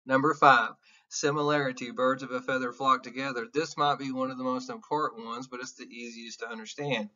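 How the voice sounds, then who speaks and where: A Southern-accented man lectures a class casually and bluntly, swearing freely. His voice is bright and edgy, and the recording sounds dull and lo-fi. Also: medium pitch, fairly even intonation, normal speed. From American South. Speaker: college instructor.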